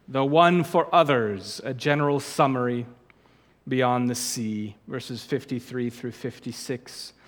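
Preaching in a big-sounding room, a man of medium pitch speaks with earnest emphasis. He leans on repeated words and now and then erupts suddenly.

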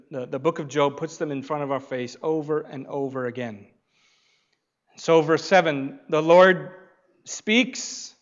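A man preaching an expository sermon, slow and emphatic, swinging from loud declarations to quiet asides. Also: on the high side, highs cut off.

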